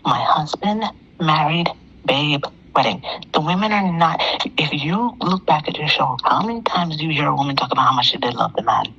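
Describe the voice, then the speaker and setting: A woman's voice: deep voice, expressive, moderate pace, fairly bright tone, lo-fi sound, a little hiss or hum. A middle-aged woman calling in to a talk show, telling a personal story in an emphatic way and repeating phrases for effect. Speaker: caller.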